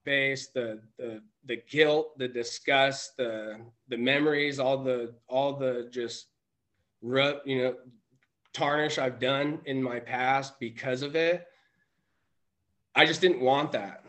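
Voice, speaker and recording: A man's voice: mid-range voice, steady tone, slow pace, a bit bright. A man telling a personal story as a podcast guest, rambling with many restarts and self-corrections. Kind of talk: casual storytelling.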